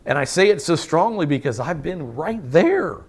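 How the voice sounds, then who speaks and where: Male pastor, high voice, emphatic sermon delivery, quizzes the congregation. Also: big pitch swings, normal speed. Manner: emphatic, repeats words for stress, asks the congregation questions.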